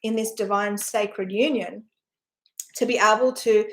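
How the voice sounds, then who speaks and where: With a mid-range, fairly bright voice, even intonation and a measured pace, a woman gives a personal spiritual talk as a teacher. Her storytelling is earnest, emotional and rambling, marked by sighs and frequent "right?" check-ins.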